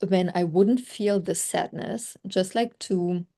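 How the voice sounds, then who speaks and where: Mellow-voiced woman coaching on a group call. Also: fairly low pitch, slow pace. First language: German. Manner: chatty, reflective, many "like" fillers. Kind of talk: casual group call talk.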